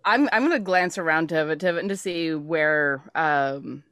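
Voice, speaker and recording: Brief: female player, lowish voice, dry close sound, stammers and hesitates. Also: measured pace, a bit bright, clear, resonant tone, no room sound. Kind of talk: casual tabletop play.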